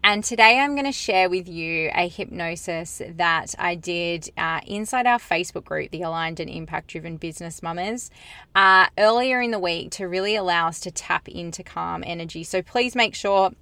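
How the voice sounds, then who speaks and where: A woman podcast host and certified hypnotherapist guiding a relaxation hypnosis with slow, soothing, repetitive cues. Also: fairly low pitch, sharp tone, dry recording. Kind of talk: guided hypnosis.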